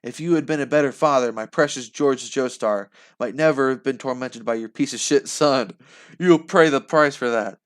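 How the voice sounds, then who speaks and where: A man's voice: medium pitch, normal speed, lightly acted. A man reading a novel aloud and voicing a brave young girl fighter who speaks defiantly and cuttingly. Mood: angry.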